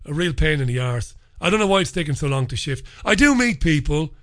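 An unwell man hosts his own show alone, launching into a fiery, foul-mouthed rant. His voice sits high for a man, with a bright, piercing edge. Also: sing-song, brisk. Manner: heated, profane, forceful ranting. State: unwell with a lingering infection. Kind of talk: solo monologue, ranting commentary.

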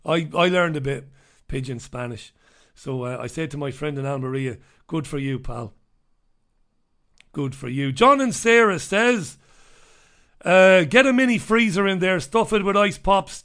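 A middle-aged man with a slightly high voice hosts a casual radio show. He chats bluntly, reads out listener messages and tosses off quick asides. His tone stays conversational and unscripted. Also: a bit bright.

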